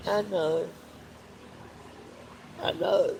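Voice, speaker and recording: A man's voice: sits high, steady tone, very slow, creaky, a little mellow, slight background noise, rough recording. A man, crying as he talks heartfelt and repetitive to viewers on a live stream. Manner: tearful, heartfelt, repeats himself. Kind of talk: emotional live stream talk.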